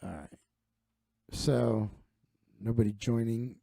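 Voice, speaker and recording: Male comedian, livestream monologue, gravelly and crude, rambling asides. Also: medium pitch, steady tone, takes it slowly, dark tone, dry recording, clean studio sound. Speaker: comedian host.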